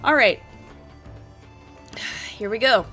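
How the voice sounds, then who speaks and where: Slow, bright-voiced woman narrating a game. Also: on the high side, expressive. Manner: hesitant, many fillers, self-conscious. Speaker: solo adventure player and narrator. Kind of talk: narrating a solo tabletop game. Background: faint background music.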